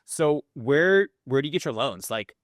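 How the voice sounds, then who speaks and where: A man's voice: mid-range voice, lively intonation, moderate pace, dry recording, clean studio sound. Man asking probing host questions. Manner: probing, restarts his questions. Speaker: podcast host. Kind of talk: interview questions.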